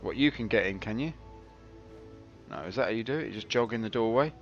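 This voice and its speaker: With a lowish voice, lively intonation, and a quick pace, a game streamer chats his way through casual live commentary, wry and poking fun at himself. The audio is slightly dull, and faint game music sits underneath.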